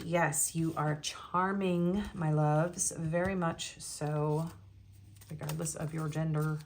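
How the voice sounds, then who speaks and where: Low-voiced woman doing a chatty tarot reading. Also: flat delivery, takes it slowly. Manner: chatty, giggly asides between reading card messages aloud. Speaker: tarot reader. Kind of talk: casual pick-a-card love reading.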